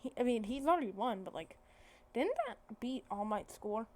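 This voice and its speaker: A woman's voice: a little high, animated, moderate pace, darkish tone. A woman casually telling a made-up fan story, rambling and correcting herself as she goes. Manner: rambling, self-correcting, many fillers.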